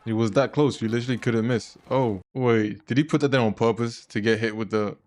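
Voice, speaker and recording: A man's voice: medium pitch, steady tone, fairly quick, a little mellow. A young man chatting and joking as he reacts to a film, swearing freely. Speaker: reaction video host. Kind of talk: casual reaction commentary.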